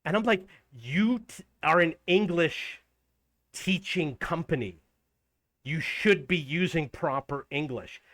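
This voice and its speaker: A man in his fifties vents in a casual vlog, his voice sitting a touch high for a man. He sounds indignant and exasperated, often mimicking others with a raised voice. The sound is dry and close, with no room echo. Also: animated, slow pace, a bit bright. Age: 50s. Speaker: vlogger. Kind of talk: casual ranting monologue.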